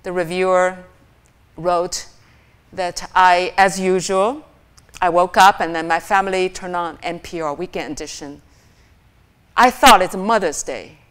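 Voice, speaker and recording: A woman's voice: lowish voice, a little slow, long pauses, smooth. A middle-aged woman from China with a Chinese accent, an author telling stories to a forum audience and acting out the voices she quotes. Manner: animated, acts out quoted lines in a raised voice. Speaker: author and guest speaker. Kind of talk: storytelling at a public forum.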